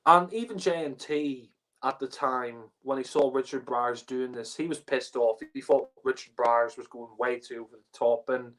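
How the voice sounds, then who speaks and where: A man's voice: medium pitch, rough recording. A man co-hosting a casual review podcast. He talks bluntly and with exasperation, swears, and fills his speech with "you know" and "like.". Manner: blunt, exasperated, swears, heavy filler words. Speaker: podcast co-host reviewing episodes.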